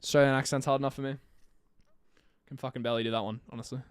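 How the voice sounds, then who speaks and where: A young man live-streaming his own commentary on an esports match, chatty with jokey asides and bursts of energetic play-by-play. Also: medium pitch, quick pace, smooth, no room sound.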